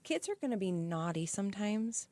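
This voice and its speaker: A woman's voice: mid-range voice, big pitch swings, moderate pace, darkish tone, no echo. A woman co-hosting a casual true-crime podcast, giving emphatic opinions and personal stories. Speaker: podcast co-host.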